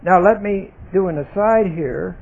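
A man leading a Bible study lesson, explaining grammar deliberately and stressing single words. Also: sits high, gravelly. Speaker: Bible teacher. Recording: tinny phone-like recording.

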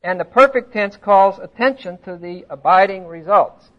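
Older male preacher, high-pitched, teacherly and emphatic, slightly muffled recording. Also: moderate pace. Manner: teacherly, asks the congregation questions, stresses words emphatically. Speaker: pastor. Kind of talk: expository sermon. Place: church hall before a congregation.

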